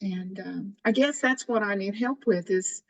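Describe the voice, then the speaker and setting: A woman in her sixties sharing her own experience in a faith group, halting and restarting as she speaks. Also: mid-range voice, vocal fry, rough recording. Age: 60s. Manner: halting, with many restarts and fillers.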